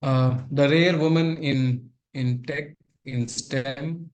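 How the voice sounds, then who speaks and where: A man's voice: mid-range voice, steady tone, takes it slowly, a little mellow, soft background music. A man presenting a workshop and explaining a live demo to his audience with frequent asides.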